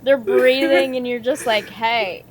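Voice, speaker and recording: Slow-talking woman podcast guest. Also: a little high, fairly even intonation, a loud crowd. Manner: amused, exclaims often. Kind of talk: casual chat.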